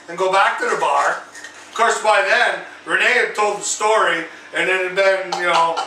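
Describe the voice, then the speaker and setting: A man hosts his own drinking vlog, swearing his way through a rambling, animated bar story. His voice sits high and sounds bright and sharp. It is recorded in a roomy, echoey space with faint background noise. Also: far from the mic. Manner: profane, rambling, animated retelling. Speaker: vlog host. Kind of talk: crude storytelling over drinks.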